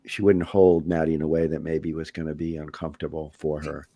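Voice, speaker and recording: Deep-voiced man, dry close sound. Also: flat delivery, fairly quick, dark tone, dry recording. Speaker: podcast co-host, family therapist. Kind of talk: reflective podcast talk.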